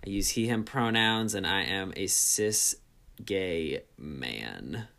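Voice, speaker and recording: A man's voice: low-pitched, slow, vocal fry. A man in his twenties co-hosting a podcast, chatty and laughing often. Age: 20s. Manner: chatty, laughs a lot, lively. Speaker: podcast co-host. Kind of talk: casual chat.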